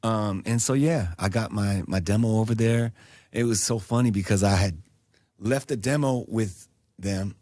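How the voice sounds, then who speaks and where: A middle-aged man from the Los Angeles area with a fairly low voice talks loosely into a studio mic. He tells his story like a casual chat with a guest host. The sound is dry and close, with no room around it. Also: normal speed, no echo. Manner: relaxed, conversational, acts out quotes in lively voices. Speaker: guest singer-producer. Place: radio station studio.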